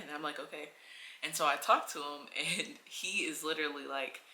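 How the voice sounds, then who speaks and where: A woman vlogger tells a story straight to camera, casual and animated, leaning on filler words as she goes. Her voice is very bright and sharp, and the room around her sounds roomy and echoey. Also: low-pitched, moderate pace, a little hiss or hum. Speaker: travel vlogger.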